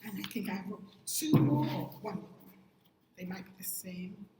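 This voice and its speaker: A woman vlogger talking casually about sayings, with lively jumps in pitch. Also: normal speed, echoey room, background noise. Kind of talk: casual talk explaining sayings.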